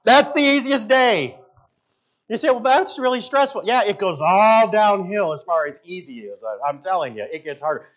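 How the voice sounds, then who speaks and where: A middle-aged man, a pastor preaching a sermon in an animated, jokey way. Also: high voice, moderate pace, highs cut off. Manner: animated, jokey, shouts in acted quotes.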